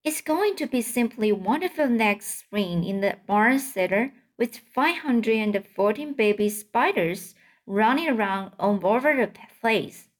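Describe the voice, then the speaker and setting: An innocent young pig, earnest and full of wonder, as a woman reads him. He asks his questions slowly, in a middle-pitched voice. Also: animated.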